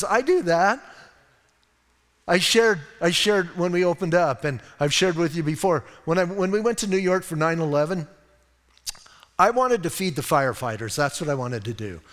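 In a church sanctuary with long, ringing reverb, a male pastor with a fairly high voice delivers a sermon. His style is conversational yet emphatic; he keeps telling the congregation to "listen" and acts out little scenes.

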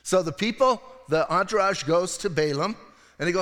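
A man's voice: high voice, lively intonation, fairly quick, fairly bright tone, long reverb tail. A middle-aged male pastor giving a sermon, retelling the story in a casual, conversational way with acted voices.

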